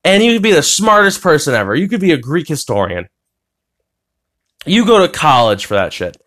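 This young American podcast host chats casually on his own from his bedroom, meandering with frequent fillers, restarts and profanity. He speaks at a normal speed in a slightly bright voice that sits on the high side and swings widely in pitch.

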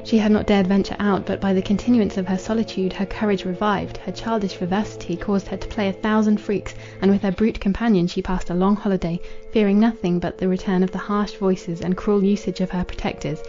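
A woman reading a classic novel aloud in a measured, solemn narration. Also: mid-range voice, steady tone, mellow, muffled recording, soft background music. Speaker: audiobook narrator.

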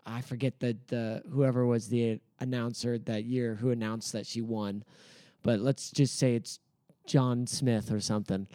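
A man's voice: medium pitch, little pitch movement, unhurried, warm tone, dry recording, clean studio sound. A man co-hosting a podcast in casual chat, rambling with lots of fillers as he recaps comedy sketches in an amused way. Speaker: podcast co-host.

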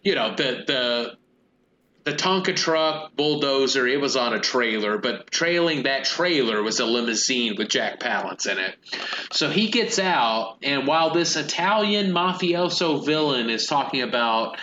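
A man's voice: medium pitch, animated, measured pace, sharp tone, reverberant, lo-fi sound, slight background noise. A man co-hosting a casual comedic movie discussion, rambling and acting out silly villain voices. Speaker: podcast co-host.

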